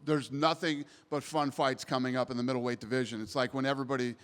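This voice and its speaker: A promotion CEO answers reporters at a media scrum in a post-event press area, his mid-range voice steady and fast. He speaks bluntly and emphatically, swearing casually, and the recording carries long hall reverb.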